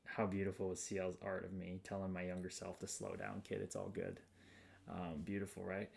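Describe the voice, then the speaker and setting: A man's voice: low-pitched, monotone, brisk, vocal fry, darkish tone. A man hosting a casual livestream, greeting viewers by name and reading their comments in an upbeat, spiritual way. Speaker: livestream host.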